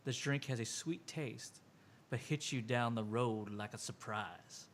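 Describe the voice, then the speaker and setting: A man's voice: mid-range voice, measured pace, a bit bright. A man narrating a tabletop game as game master, rambling with lots of fillers.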